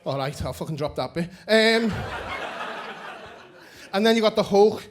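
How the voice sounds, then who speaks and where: Animated and unhurried, this young Perth comic has a high voice set against a noisy background. He delivers a crude, rambling stand-up routine and backstage chat, cracking himself up along the way.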